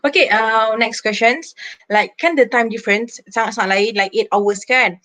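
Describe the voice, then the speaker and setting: A Malaysian woman hosting a casual interview over a video call, chatty and quick to agree with her guest. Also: fairly high pitch, sharp tone, no room sound. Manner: keeps affirming the guest, chatty.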